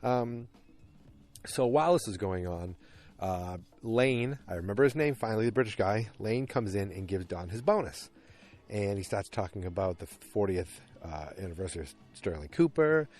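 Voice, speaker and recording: A man's voice: on the low side, animated, normal speed, a little mellow. Male podcast host, casual solo recap, rambling and filler-heavy. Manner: rambling, chatty, many fillers.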